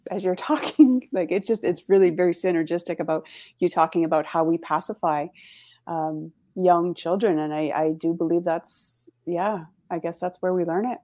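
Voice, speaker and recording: Lower-voiced woman coach, thoughtful. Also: normal speed, mellow. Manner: thoughtful, uses analogies, many fillers. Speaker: coach with clients. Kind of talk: casual conversation.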